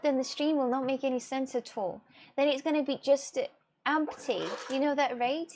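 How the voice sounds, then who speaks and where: Chatty high-voiced Russian woman streamer. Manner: chatty, rambling, laughs often, restarts sentences. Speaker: livestreamer. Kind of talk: casual live-stream chat with viewers.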